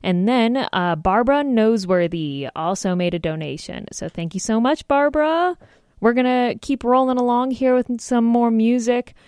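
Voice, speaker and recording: A woman's voice: on the high side, animated, moderate pace, darkish tone, smooth, dry recording, studio quality. A young woman in her twenties hosting a college-style radio show, chatty and self-deprecating, laughing easily between song back-announcements. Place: radio studio.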